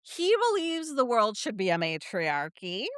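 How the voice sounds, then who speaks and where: Podcast co-host, woman, lively storyteller, dry close sound. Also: mid-range voice, unhurried, clear, resonant tone, no echo. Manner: animated storyteller, quotes people in put-on voices, laughs often. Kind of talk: casual chat, storytelling.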